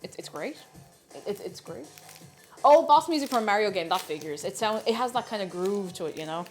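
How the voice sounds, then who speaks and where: A young woman chats playfully to her stream while cooking, greeting viewers as she goes. Her pitch swings widely and freely. Faint music plays in the background. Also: animated, brisk. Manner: chatty, playful, reads chat aloud while cooking. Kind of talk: casual live-stream cooking chat.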